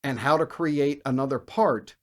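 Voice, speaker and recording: Male bass teacher, emphatic and lively, counts beats and sings riff rhythms aloud, mid-range voice. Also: moderate pace. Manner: energetic, emphatic explaining. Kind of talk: instructional video lesson.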